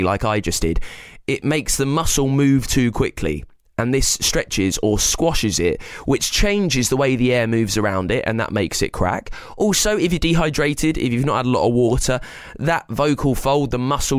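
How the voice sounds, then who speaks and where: A man hosting a children's science podcast, with a slightly gravelly voice, explaining things playfully and speaking straight to young listeners. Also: mid-range voice, no room sound.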